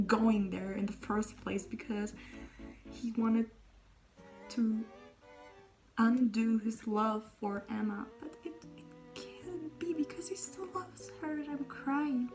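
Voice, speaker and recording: A young woman chatting casually about books on her vlog, gushing and rambling, often dropping into breathy whispered asides. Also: a little high, darkish tone, rough recording. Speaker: book vlogger. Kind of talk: casual book talk.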